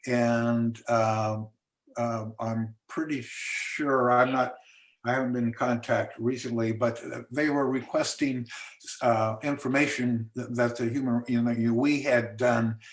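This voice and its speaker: A man commissioner reporting slowly and haltingly with many fillers. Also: mid-range voice, steady tone, echoey room.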